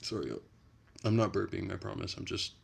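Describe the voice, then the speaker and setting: A young man with a deep, creaky, husky voice talks briskly while livestreaming casually from home on his phone. Chatty and profane, he rants and responds to his viewers' comments.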